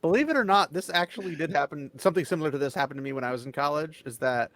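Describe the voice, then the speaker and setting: A man's voice: a little high, very fast, a bit bright, no room sound. A man on a panel telling stories in casual chat, rambling and emphatic.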